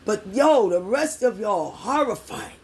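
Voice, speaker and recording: With a medium-pitched, animated voice carrying a breathy edge, this middle-aged New York political vlogger talks at a normal clip. She delivers an irate, profane rant, driving points home by repetition and addressing viewers as y'all.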